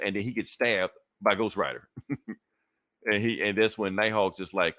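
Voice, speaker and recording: Deep-voiced man rambling through a comic recap. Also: normal speed, bright, forceful tone, dry recording, studio quality. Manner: loose, rambling, with profanity and self-corrections. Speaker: podcast host. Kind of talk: casual comic book recap.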